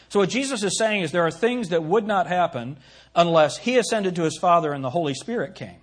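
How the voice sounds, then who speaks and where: Husky preaching man with a lively voice. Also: fairly quick. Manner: earnest preaching, rises to emphatic scripture reading and drops low for asides. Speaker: pastor. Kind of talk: sermon.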